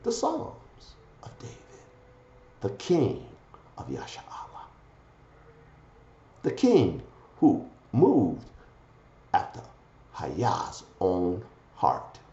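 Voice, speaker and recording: A man preaching a fiery scripture sermon, swinging from loud declaiming to low muttered asides. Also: huge pitch swings, drawn-out words, pauses often, roomy sound, dull audio.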